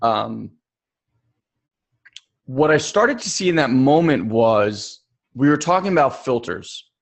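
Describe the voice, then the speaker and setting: A young adult man co-hosting a personal development podcast, telling stories in an animated way and acting out the people he quotes. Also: mid-range voice, slow pace, gravelly. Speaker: podcast co-host.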